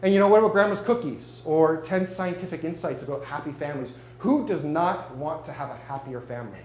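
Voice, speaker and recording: A man's voice: a little high, animated, brisk, a little mellow. A man giving a live presentation to an audience, chatty and jokey, often asking the room questions. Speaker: speaker at a marketing meetup. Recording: echoey room, faint hum.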